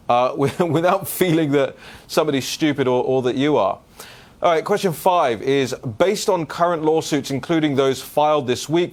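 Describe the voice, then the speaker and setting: A young adult man at a middle pitch hosts a political talk show, reading out listener questions and answering them off the cuff. He speaks in an animated, casual way, stumbling, restarting and doubling back on his words.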